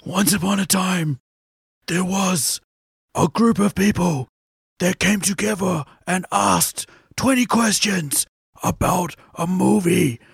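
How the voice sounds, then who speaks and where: A man voicing a creepy, raspy horror-film double, telling the intro like a slow, ominous fairy tale. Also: high voice, no echo, studio quality, voice pushed up, full character voice. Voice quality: gravelly, slow and creaky. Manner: drawn-out, ominous storybook delivery.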